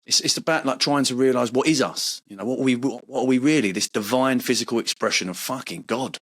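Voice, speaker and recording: A man's voice: mid-range voice, quick pace, fairly bright tone. A man who is a guest on a podcast, talking earnestly and passionately in casual conversation and swearing now and then.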